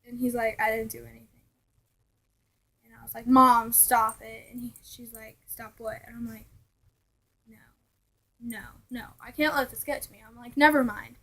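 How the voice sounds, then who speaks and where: A chatty young woman tells ghost stories straight to her viewers in a casual vlog. Her voice sits a little high, and she keeps the telling animated while slipping into hushed asides now and then. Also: normal speed, vocal fry, long pauses, rough recording. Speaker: vlogger.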